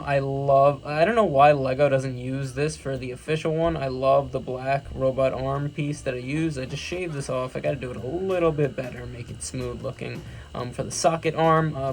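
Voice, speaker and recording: A young man with a New York accent casually reviewing his toy collection, enthusiastic and rambling, often correcting himself. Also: mid-range voice.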